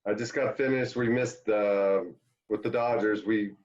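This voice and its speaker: A man's voice: on the low side, unhurried. Rambling man telling baseball stories. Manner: rambling, animated anecdotes with many fillers. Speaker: former pro baseball player, guest. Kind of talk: casual storytelling interview. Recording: dull lo-fi sound.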